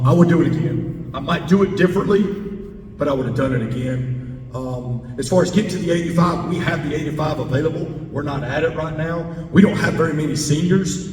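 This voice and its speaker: A man, a head football coach speaking to a club and taking audience questions, stressing points by repeating words. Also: darkish tone. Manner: emphatic, repeats key words. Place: large meeting hall indoors. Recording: roomy hall, distant mic, faint rumble.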